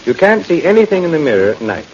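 A skeptical doctor in an old radio drama who reasons calmly and probes with questions, his voice lively and varied. The sound is dull and old, with a faint hiss. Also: on the high side, fast. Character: skeptical, probing family doctor. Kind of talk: 1940s radio acting.

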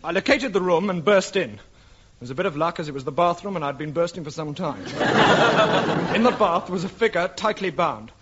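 A man narrating a comic radio sketch in a melodramatic storyteller's manner, with deadpan asides. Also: sits high, moderate pace. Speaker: comedy performer. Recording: lo-fi old radio recording, heavy hiss.

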